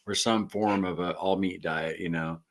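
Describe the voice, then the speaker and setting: A man in his forties with a lowish voice, co-hosting a casual live Q&A. He is easygoing and jokey, and reads viewer comments out loud as he goes. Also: steady tone, moderate pace. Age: 40s. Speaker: co-host reading viewer comments.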